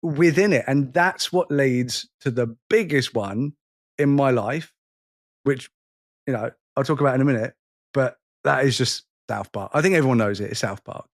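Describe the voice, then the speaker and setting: In a dry, studio-quality recording, a podcast co-host with a mid-range voice speaks at a moderate pace. He tells stories in casual chat, animated and laughing often.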